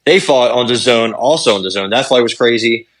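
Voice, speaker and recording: A young adult man co-hosting a podcast, recapping fights in casual chat, talking fast and swearing. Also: medium pitch, fairly bright tone. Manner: rapid, swearing fight recaps with lots of fillers. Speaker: podcast co-host.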